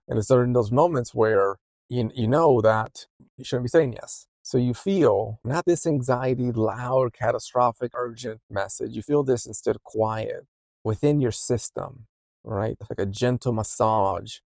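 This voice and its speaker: A gravelly, mid-range male voice, recorded with no echo, belongs to a therapist who hosts a podcast. He talks through ideas conversationally, often checking in with "right?", and becomes quieter and softer when he gets to intuition.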